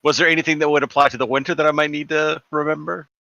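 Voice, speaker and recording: A male player rambles through questions about what his character remembers. His tone is bright and forward. The mic is close and dry. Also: fairly high pitch, flat delivery, rapid-fire, gravelly, no echo, highs cut off. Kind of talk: casual tabletop play.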